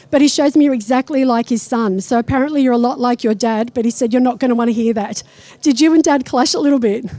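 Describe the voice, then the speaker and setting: A woman's voice: sits high, dark tone, no echo. A woman psychic medium giving a blunt, irreverent stage talk and live readings to an audience. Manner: blunt and irreverent, swears freely.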